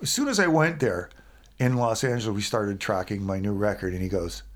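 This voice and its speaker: A man, a musician guest, chatting on a podcast and telling animated stories about recording. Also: fairly low pitch, fairly quick. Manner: animated storyteller, acts out quoted voices. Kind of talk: casual podcast conversation.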